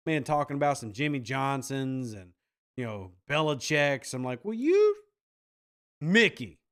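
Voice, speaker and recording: A man's voice: mid-range voice, normal speed, fairly bright tone, clear, resonant tone. A man hosting a podcast, joking and sarcastic as he reacts to viewer comments. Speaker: podcast host.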